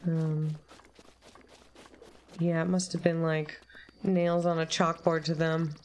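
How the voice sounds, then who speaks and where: A woman's voice: sits low, little pitch movement, takes it slowly, a little mellow, a little hiss or hum. Chatty woman rambling on a game stream. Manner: chatty and rambling, with frequent ums and casual swearing. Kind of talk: casual chat during a live game stream.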